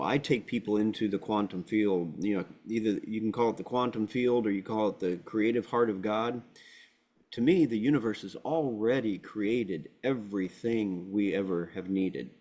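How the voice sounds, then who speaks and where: A man's voice: lowish voice, moderate pace, a little mellow. A man hosting a spiritual talk show, speaking in an earnest, affirming, teacherly way. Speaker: host.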